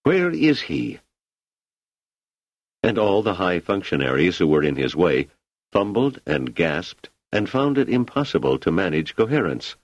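A man narrating an audiobook in an expressive storytelling manner. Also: deep voice, normal speed, dry recording. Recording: slightly muffled lo-fi recording.

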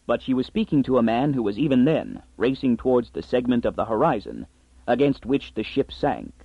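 A man reads a story aloud with a husky voice and lively, rising and falling pitch. The recording is dry and slightly muffled. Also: brisk, no echo. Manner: expressive storytelling. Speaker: audiobook narrator. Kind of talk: scripted narration.

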